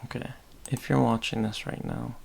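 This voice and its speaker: A man's voice: mid-range voice, level tone, moderate pace, gravelly, slight background noise. A man with a Boston accent, a podcast host rambling distractedly and muttering to himself while he works on a casual livestream.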